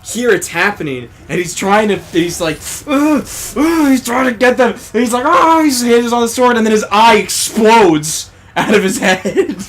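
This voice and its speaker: A man with a fairly high voice chats through a let's play, recapping an anime scene with plenty of swearing and quick bursts of acted-out dialogue. The tone is loose and conversational. A faint hum sits in the background. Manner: profane, animated retelling, acting out quoted characters. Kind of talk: casual gaming commentary chat.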